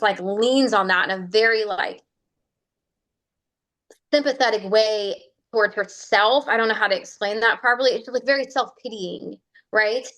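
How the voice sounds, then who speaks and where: Woman coach, kinda high voice, chatty, lots of "like" and "right?". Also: a bit bright. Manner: chatty, fills speech with "like" and "right?"; acts out inner voices while explaining. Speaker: fitness coach. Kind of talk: casual livestream talk.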